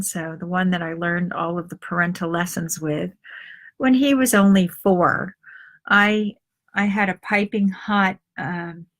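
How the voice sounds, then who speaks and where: A woman's voice: on the low side, fairly bright tone. A middle-aged woman coaching an online group in a live video talk. She tells personal stories in a confiding way and acts out the voices of the people in them. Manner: confiding storyteller who acts out quoted voices. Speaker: life coach.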